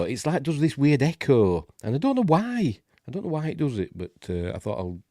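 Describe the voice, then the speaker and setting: A Yorkshire man with a bunged-up, snuffly nose talks his way through a live stream in a rambling, grumbling chat. His lowish voice swoops up and down a lot, and the sound is close and dry. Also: darkish tone, no room sound. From Yorkshire, England. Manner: chatty and grumbling, with many fillers and asides. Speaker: host of a live news stream.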